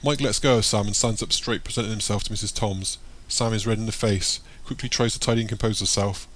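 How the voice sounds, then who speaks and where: A man narrating an audiobook in a plain, steady reading voice. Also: on the low side, fast.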